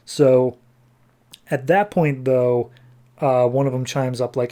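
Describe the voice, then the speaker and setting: A man's voice: mid-range voice, moderate pace, mellow. A man on a podcast, casually recapping a comic book and acting out the characters' lines. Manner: laid-back, chatty. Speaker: podcast co-host.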